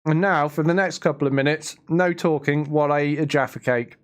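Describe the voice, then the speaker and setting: A man's voice: fairly high pitch, fairly quick. A young man chatting casually on a live stream, rambling and answering his chat. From England.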